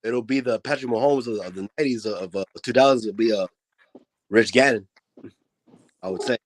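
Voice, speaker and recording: A man's voice: medium pitch, fast talker, a little mellow, a little hiss or hum, low-quality recording. A man in a casual sports chat, hesitant and poking fun at himself.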